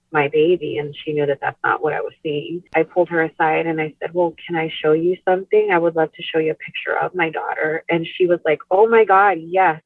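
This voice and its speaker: A woman recounts a painful personal memory in a soft, unhurried voice, full of small fillers and restarts. The sound is thin and phone-like, and it is dry with no room echo. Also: low-pitched. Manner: soft-spoken, many "like" and "you know" fillers. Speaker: podcast guest. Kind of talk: emotional personal storytelling. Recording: tinny phone line.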